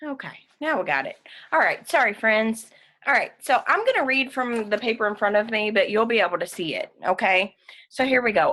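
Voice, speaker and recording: A woman's voice: on the high side, expressive, brisk, pushed and bright. Upbeat woman teacher reading aloud. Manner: upbeat, chatty, addresses kids as friends. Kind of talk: remote class lesson, reading aloud.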